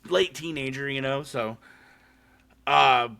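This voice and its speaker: Gravelly-voiced man recapping casually. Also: mid-range voice, takes it slowly, bright, forceful tone. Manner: swears freely, retelling a horror short with lots of fillers. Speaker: podcast host. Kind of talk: casual chat.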